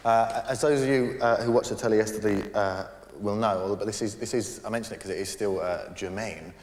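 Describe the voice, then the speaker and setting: A man doing live stand-up on a theatre stage, rambling and self-deprecating with halting restarts. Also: lowish voice, darkish tone. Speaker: stand-up comedian. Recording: echoey theatre with crowd. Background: audience laughter.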